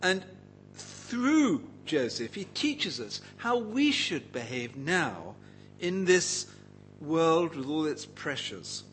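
A man's voice: a little high, sing-song, takes it slowly, fairly bright tone, slight background noise, poor audio. A man preaching a Bible teaching sermon in an engaging way, often putting questions to his listeners.

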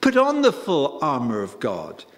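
A man preaching a sermon in an emphatic, deliberate way, with stresses that rise on key words. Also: medium pitch, wildly swooping pitch, long reverb tail.

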